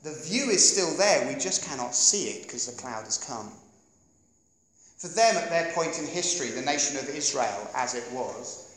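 A man in his thirties with an English accent preaching a sermon, animated and joking with the congregation as he goes. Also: mid-range voice, normal speed. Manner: animated, jokey asides to the congregation. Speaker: pastor. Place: church hall. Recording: echoey church hall.

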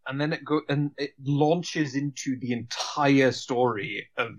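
A man's voice: medium pitch, steady tone, a little slow. Rambling man with many fillers. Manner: hesitant, full of fillers and restarts, swears casually. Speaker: podcast co-host. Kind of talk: casual film-review chat.

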